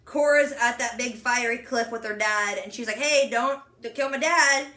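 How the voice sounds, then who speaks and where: A young woman in casual chat, animatedly retelling a TV episode and slipping into quick quoted voices for the characters. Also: on the high side, pushed and bright, roomy sound. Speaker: podcast co-host recapping a TV episode.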